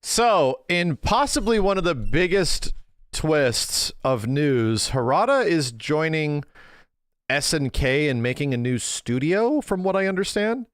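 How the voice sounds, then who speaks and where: A man chatting casually to his live-stream audience, excitable and quick to laugh. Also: fairly high pitch, no echo, clean studio sound. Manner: excitable, talks to his chat, laughs easily.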